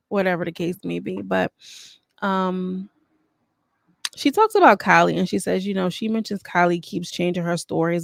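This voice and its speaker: A woman's voice: on the low side, creaky, no echo, studio quality. A woman hosting a reality TV review channel, chatting casually with lots of slang and sassy asides. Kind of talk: casual commentary.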